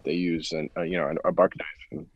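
A man's voice: deep voice, flat delivery, quick pace, no room sound, lo-fi sound. A man, a sports agent, chatting as a podcast guest in a rambling way with many restarts. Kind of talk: casual podcast chat.

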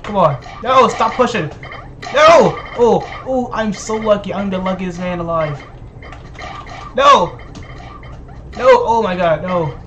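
A man hosting his gaming channel, giving excited gameplay commentary full of laughter and teasing trash talk. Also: high-pitched, moderate pace, a little hiss or hum.

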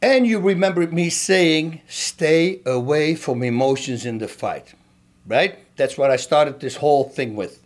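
Animated middle-aged man telling a fight story. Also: on the high side, unhurried. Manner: animated, emphatic, talks straight to viewers. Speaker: former fighter teaching his channel viewers. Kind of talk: casual storytelling and fight breakdown.

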